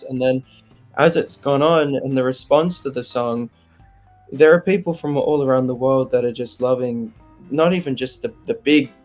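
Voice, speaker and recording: A young man with an Australian accent, talking openly and with feeling in an interview, animated and laughing easily. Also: mid-range voice. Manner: candid, animated, laughs often. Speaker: interviewee, singer. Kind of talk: open, emotional interview chat.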